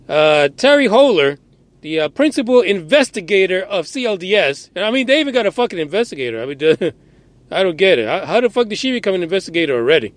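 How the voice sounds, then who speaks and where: A man's voice: sits high, very animated, fast, no room sound. A man hosting a podcast, giving ranting news commentary in a profane, sarcastic and exasperated way, firing off incredulous questions. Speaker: podcast host.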